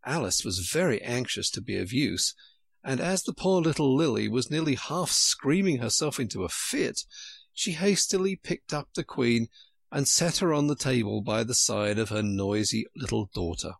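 A man narrating a storybook in a lively way. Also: medium pitch, moderate pace, gravelly, no echo.

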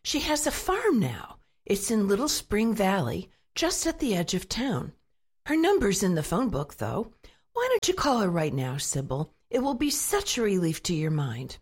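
Chatty, cheerful mother of a big brood, husky voice; woman reader puts her on. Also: medium pitch, huge pitch swings, moderate pace, exaggerated voice. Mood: helpful.

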